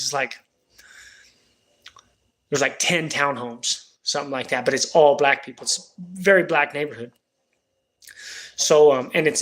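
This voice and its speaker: A man spinning a long personal story on a livestream, casual and rambling. His talk is full of slang and swearing, with a voice on the higher side for a man. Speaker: livestream host.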